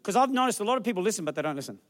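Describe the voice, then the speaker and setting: A man preaching a lively sermon in a church, acting out people with funny voices. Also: sits high, racing. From Australia. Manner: animated, acts out people in the crowd with funny voices. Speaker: pastor.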